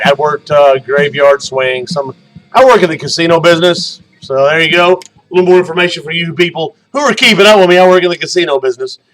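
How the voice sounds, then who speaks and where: High-voiced rambling, profane male podcast host. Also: poor audio. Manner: rambling, profane storytelling with loud outbursts. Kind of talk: casual monologue podcast.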